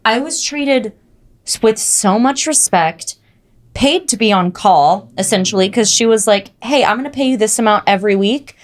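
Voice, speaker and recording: A young woman co-hosting a podcast, telling stories in animated casual chat, full of "like" and "oh my God". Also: mid-range voice, normal speed. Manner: animated storytelling, frequent "like" and "oh my God". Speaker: podcast co-host.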